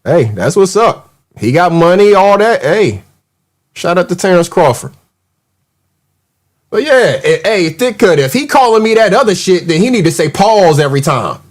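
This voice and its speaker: A man's voice: high-pitched, big pitch swings, normal speed. A man hosting a casual livestream, ranting in a mocking, profane, heated way and reacting to the live chat. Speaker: show host.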